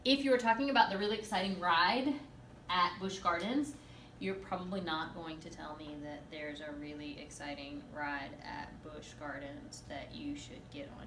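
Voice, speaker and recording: A woman in her thirties, a speech teacher, giving a lively, emphatic classroom lecture with playful asides to her students. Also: fairly low pitch, moderate pace, slight background noise. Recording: echoey classroom from far off, faint ambience.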